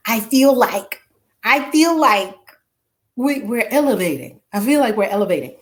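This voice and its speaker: Lively, exuberant woman livestream host. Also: fairly high pitch, normal speed. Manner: exuberant, shouts greetings to viewers by name. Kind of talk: casual livestream chat greeting viewers.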